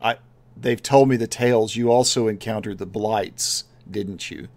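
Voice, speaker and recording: A man voicing an injured male kobold who speaks slowly and faintly, worn out and frail. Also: fairly low pitch, fairly even intonation, darkish tone. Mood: weak. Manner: slow, faint and weary.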